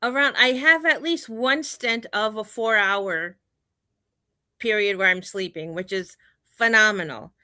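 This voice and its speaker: A woman guest on a casual video chat interview, animated, retelling her days in quick bursts with quoted self-talk. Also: mid-range voice, no room sound, studio quality.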